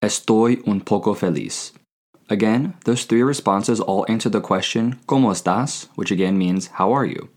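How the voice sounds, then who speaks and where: A man teaching a recorded language lesson, repeating each word slowly and clearly. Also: fairly low pitch, darkish tone. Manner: slow, clear repetition of words. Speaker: Spanish teacher.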